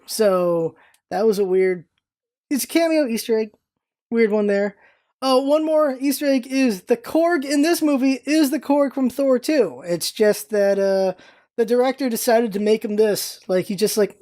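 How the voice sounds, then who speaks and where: For her vlog, a young woman rambles through a movie review with excitement, her mid-range voice mellow and warm. She chats away, restarting often, and keeps slipping into quick, playful impressions of the characters' lines.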